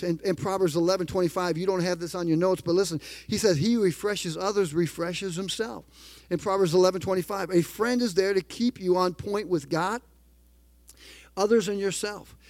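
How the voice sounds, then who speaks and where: A man's voice: high voice, moderate pace, a little mellow, no room sound. A middle-aged man preaching a sermon as pastor, emphatic and calling out to the congregation for responses.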